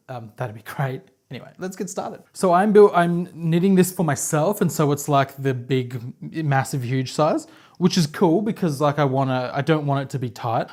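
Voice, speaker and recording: Her voice deep and a little mellow, an Australian woman chats casually to camera for her knitting podcast while on her couch at home. The talk is rambling and self-deprecating.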